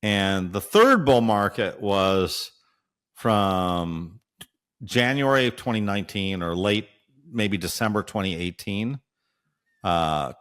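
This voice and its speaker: A man's voice: low voice, a bit bright. A man being interviewed as an analyst, explaining at length while thinking aloud, with many fillers and checks like "right?". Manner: frequent hesitations and fillers. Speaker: guest analyst.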